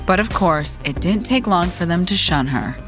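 A woman's voice: on the low side, lively intonation, normal speed, fairly bright tone, soft background music. A woman co-hosting and narrating the story, with wry, sarcastic asides. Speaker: podcast co-host. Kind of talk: narration with banter.

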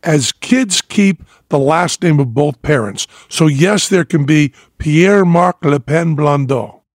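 A man's voice: a little high, slow pace, no echo, studio quality. A man hosting a podcast, chatting casually and joking, often laughing and hamming up a French accent. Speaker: podcast host. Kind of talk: casual chat.

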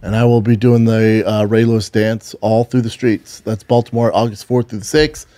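A man's voice: fairly low pitch, fairly even intonation, moderate pace, mellow. A man co-hosting a casual podcast, brash and profane, plugging his comedy tour dates.

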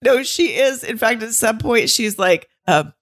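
Woman, podcast co-host, casual movie recap, lively storytelling, dry close sound. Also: fairly high pitch, unhurried, dry recording. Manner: animated storytelling, acting out quotes.

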